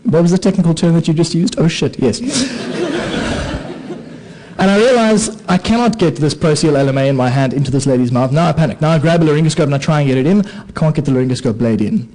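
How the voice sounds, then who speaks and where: An anaesthetist at a conference tells comic stories about himself to a live audience in the hall. His fairly high voice moves at a quick pace, full of animated, self-deprecating asides and playful sound effects. The audio quality is poor.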